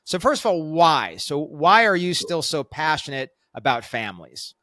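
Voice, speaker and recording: A man's voice: fairly high pitch, very animated, normal speed, sharp tone, no room sound, studio quality. A man hosting a podcast interview, speaking emphatically in a motivational way to fellow professionals. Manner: emphatic, motivational, preaching to peers. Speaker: guest host.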